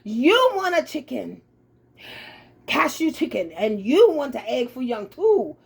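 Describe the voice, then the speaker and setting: A woman's voice: high voice, big pitch swings, unhurried, vocal fry, husky, pitched below the performer's own voice, heavily acted. A woman voicing a courteous male waiter, stiff and formal, told in a story. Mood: polite.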